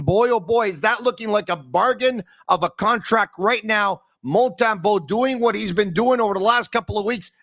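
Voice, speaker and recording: A man hosting a hockey talk podcast in a fairly high voice. He talks with energy and emphasis, repeating phrases to drive his points home. The sound is dry and close. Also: a bit bright, dry recording. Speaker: podcast host.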